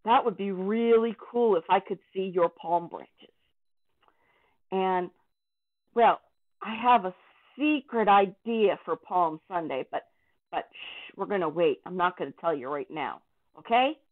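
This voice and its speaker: A woman's voice: medium pitch, measured pace, natural voice. A woman voicing a friendly, chatty young boy puppet who cheerfully coaxes the children. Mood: eager. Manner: cheerful, coaxing, talks straight to children. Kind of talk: children's church puppet talk. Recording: tinny, phone-like sound.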